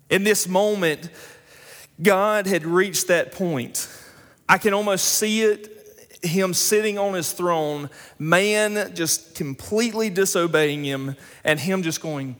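High-voiced young pastor preaching in a hall. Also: male voice, slow pace, a bit bright. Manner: storytelling, builds to emphatic preaching. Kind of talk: sermon. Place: church sanctuary. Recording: long hall reverb.

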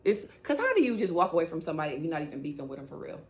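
A woman's voice: low-pitched, big pitch swings, very fast. Chatty woman talking faith to viewers. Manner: chatty, rambling, addresses viewers directly. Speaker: faith vlogger. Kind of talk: casual faith-based talk to camera.

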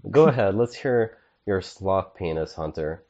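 A man's voice: sits low, expressive, a little slow, mellow, dull audio. A man co-hosting a comedy podcast, laid-back and riffing, saying "dude" a lot. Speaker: podcast co-host. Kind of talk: casual comedic chat.

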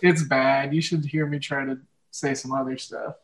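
The recording is rough, and the young man's voice is medium-pitched, delivered flatly at a moderate pace. He hosts a casual podcast in an Oklahoma Midwestern accent, rambling with many fillers and frequent bursts of laughter.

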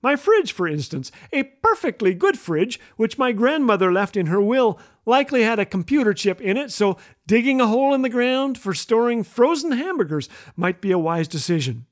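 Wry high-voiced man telling a story. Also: moderate pace, hardly any pauses. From Canada. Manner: wry storytelling with deadpan jokes. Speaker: radio host. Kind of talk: scripted humorous radio commentary.

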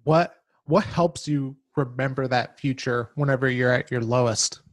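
A man's voice: medium pitch, normal speed, no echo. A man hosting a podcast interview, asking rambling, enthusiastic questions with many fillers. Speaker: podcast host.

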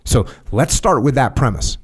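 A man's voice: mid-range voice, animated, normal speed, husky. A middle-aged man hosting a podcast, giving leadership advice in a casual, emphatic way and repeating his points to drive them home. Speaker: podcast host.

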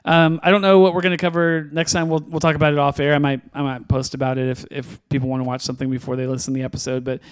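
A man's voice: a little high, flat delivery, clear, resonant tone. Rambling casual male podcast host. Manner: rambling, halting with many restarts and fillers.

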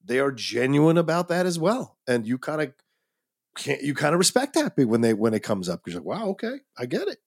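A man's voice: medium pitch, sing-song, fairly quick. A male podcast co-host in casual film discussion, thinking aloud and reflecting on characters.

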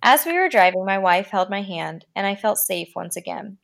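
A woman podcast host reading a horror story aloud, with a dramatic delivery that slows down for the creepy lines. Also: medium pitch, lively intonation, creaky, fairly bright tone.

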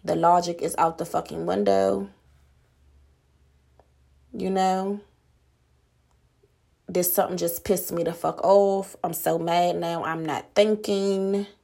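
A woman's voice: fairly low pitch, little pitch movement, slow pace, gravelly, long pauses, darkish tone. A woman podcast host giving a blunt, profane motivational monologue full of rhetorical questions.

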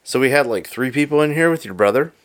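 A man's voice: medium pitch, animated, fast, slight background noise. A man co-hosting a casual podcast, laid-back and joking, swearing freely as he chats into a studio mic. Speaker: podcast co-host. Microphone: studio microphone.

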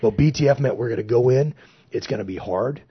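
A man's voice: medium pitch, fairly quick. A man, a former Navy officer, telling stories casually and animatedly on a podcast, acting out what others said. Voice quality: husky. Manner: animated, acts out quoted remarks in his telling. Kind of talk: casual storytelling. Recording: dull lo-fi recording.

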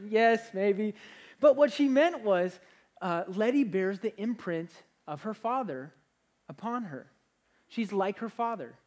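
A young man preaches a sermon with energy, speaking in a conversational way. He often stops to restart a phrase before pressing on. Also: high voice. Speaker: pastor.

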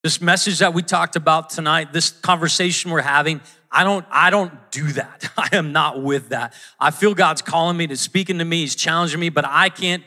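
A man's voice: fairly high pitch, moderate pace, hardly any pauses, bright, forceful tone. A man preaching a conversational sermon in a church, often restarting his sentences and acting out quotes. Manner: conversational, self-interrupting, acts out quotes. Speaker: pastor. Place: church auditorium.

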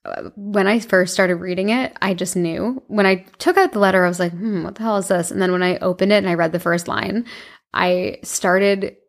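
Chatty young woman, slightly creaky. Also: mid-range voice. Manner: chatty, emotional, many fillers and restarts. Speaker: vlogger. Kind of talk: casual storytelling to camera.

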